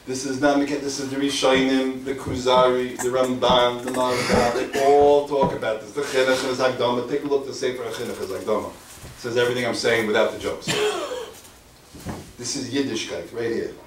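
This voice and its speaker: A man, a rabbi, giving an animated storytelling lecture, mixing in Hebrew and Yiddish terms and hammering his points home by repeating them. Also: medium pitch, fairly quick. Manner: emphatic, repeats key phrases. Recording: echoey hall from far off, faint noise.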